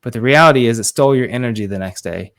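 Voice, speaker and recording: Man, 30s, earnest podcast guest, emphatic storyteller, mid-pitched voice. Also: rapid-fire, a bit bright. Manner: earnest, emphatic, quotes others in dialogue. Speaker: guest, fatherhood coach.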